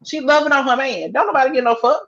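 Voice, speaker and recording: A woman's voice: high-pitched, fast talker, gravelly, fairly bright tone. Blunt woman cohost, lo-fi sound. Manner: blunt, profane storytelling. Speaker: podcast co-host. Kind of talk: casual chat.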